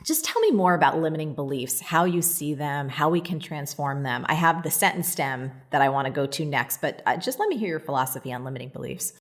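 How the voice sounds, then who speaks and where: A woman's voice: low voice, expressive, a little fast, few pauses. A woman hosting an interview, asking her guest questions and encouraging her. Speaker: interview host.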